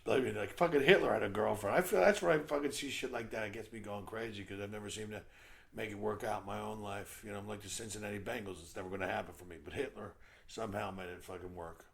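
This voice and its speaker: A man with a low, gravelly voice tells dirty jokes in a loose, casual chat. He swears freely and keeps his stories rolling. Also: fairly even intonation, quick pace. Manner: profane, crude storyteller. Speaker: comedian guest.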